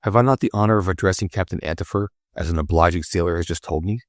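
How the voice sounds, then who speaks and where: A man's voice: deep voice, quick pace, no room sound, studio quality, lightly acted. A man putting on a shifty old foreign notary. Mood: guarded. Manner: evasive, foreign-accented speech. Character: shifty older male Egyptian notary.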